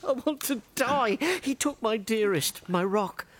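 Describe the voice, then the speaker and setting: A man's voice: high voice, expressive, measured pace, a bit bright, exaggerated voice. An actor playing a greedy, miserly old father in a stage comedy, frantic and melodramatic. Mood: wailing.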